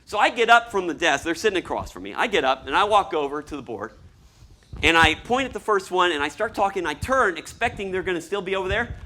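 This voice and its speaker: Animated man acting out his stories. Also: high voice, fast talker. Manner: animated, acts out scenes and voices. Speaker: storyboard artist giving a talk. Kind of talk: lively presentation to an audience.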